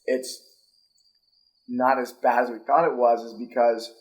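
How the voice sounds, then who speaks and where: A man's voice: medium pitch, little pitch movement, unhurried, rough recording. A man speaking as a podcast guest in casual conversation, reflective and thinking aloud with restarts.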